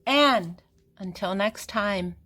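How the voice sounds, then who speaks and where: A woman's voice: mid-range voice, animated, takes it slowly, sharp tone. An older woman reading a children's picture book aloud, with a playful sing-song delivery and fun animal sounds.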